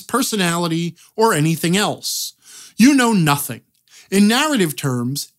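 A game master lectures on tabletop role-play in a lively voice that swings widely in pitch. The delivery is wry, with self-mocking asides and the odd curse. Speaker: game master advice teacher.

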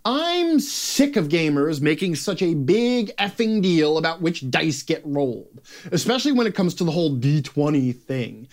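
A man reading his own game design column aloud as a rant, sarcastic and profane, lurching between loud outbursts and muttered asides. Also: a little high, very animated, normal speed. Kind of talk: ranting read-aloud of a written column.

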